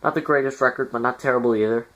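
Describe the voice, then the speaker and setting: A man's voice: medium pitch, fairly even intonation, very fast, a bit bright. Rambling man commenting on a hockey sim. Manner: rambling, exasperated outbursts, many fillers. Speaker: gaming YouTuber. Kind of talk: casual game commentary.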